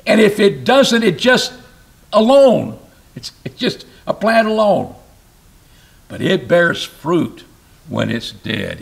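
Man, preacher, sermon, lively swooping delivery, gravelly edge, slightly higher voice. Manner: animated, rising to emphatic bursts and dropping low. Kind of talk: expository sermon.

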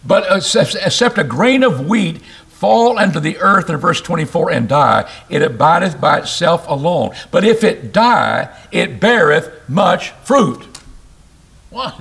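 Man, preacher, sermon, lively swooping delivery, gravelly edge, slightly higher voice. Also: unhurried. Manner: animated, rising to emphatic bursts and dropping low. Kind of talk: expository sermon.

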